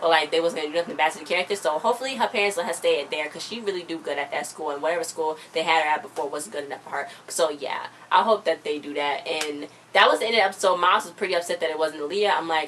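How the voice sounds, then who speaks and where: A chatty young woman recaps a TV episode, sounding opinionated and slipping into little voices for the characters. Her voice sits a bit low, with faint noise in the background. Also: rapid-fire, hardly any pauses, fairly bright tone.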